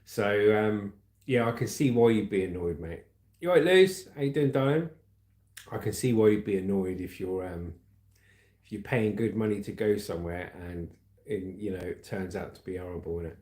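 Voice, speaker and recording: A man's voice: fairly low pitch, expressive, moderate pace, darkish tone. Man in his forties, chatty livestream host, roomy echo. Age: 40s. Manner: chatty, laughs often, reads comments aloud. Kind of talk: casual livestream chat and news reading. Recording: echoey room.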